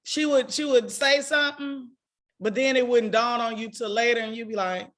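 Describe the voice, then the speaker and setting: A woman's voice: on the high side, normal speed. A woman in her forties from Jackson, Mississippi, co-hosting a casual podcast chat and telling stories, acting out what people said and laughing often. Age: 40s. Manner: animated storytelling, acts out quoted voices, laughs often. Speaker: podcast co-host.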